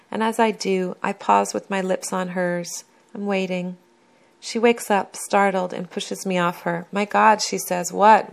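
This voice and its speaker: A woman reading her own first-person memoir aloud in a measured, even storytelling manner. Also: medium pitch, vocal fry.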